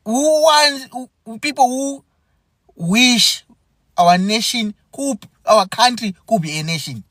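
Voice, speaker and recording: A man delivers an impassioned podcast monologue, slow and deliberate. His somewhat high voice swings widely in pitch as he repeats phrases and restarts mid-thought. The sound is dry and close. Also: fairly bright tone, no echo. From Zimbabwe. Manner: earnest and aggrieved, repeating phrases with halting restarts. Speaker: podcast host.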